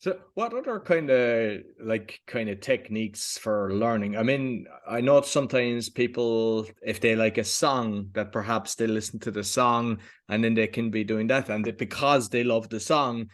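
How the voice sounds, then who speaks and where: A man's voice: medium pitch, moderate pace, few pauses. Rambling man podcast host. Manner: rambling, loose questions. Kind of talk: casual interview chat.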